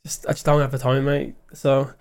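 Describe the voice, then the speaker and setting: A man's voice: medium pitch, level tone, a little fast, a little mellow. A young man, co-host of a podcast, chatting casually in a matey way, often repeating words as he starts a sentence. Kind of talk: casual chat.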